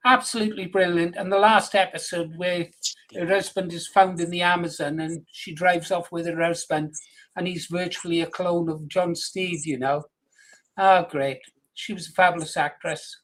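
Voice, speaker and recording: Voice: medium pitch, steady tone, moderate pace, a bit bright, low-quality recording. A caller in a casual radio chat, talking with enthusiasm and nostalgia.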